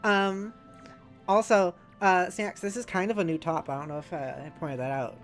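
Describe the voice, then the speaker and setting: A playful woman streamer who chats and giggles while she plays a game and reads out comments from chat. Her voice sits a little low, with faint music playing behind it. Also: fairly even intonation, moderate pace, low-quality recording. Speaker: streamer co-host.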